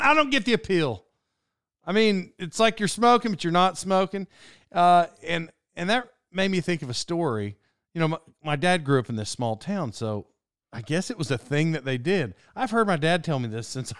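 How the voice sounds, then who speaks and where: A man with a slightly high, smooth and clear voice hosts a podcast. He talks in a loose, rambling monologue, often restarting mid-thought and laughing along the way. The sound is dry and close. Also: a bit bright, no room sound. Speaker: podcast host. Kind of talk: casual monologue.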